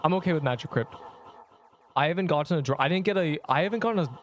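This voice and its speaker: Talking fast with lively intonation in a voice on the high side, a man live-streams an online game, teasing himself and reacting playfully to viewers' chat. Slight background noise is audible.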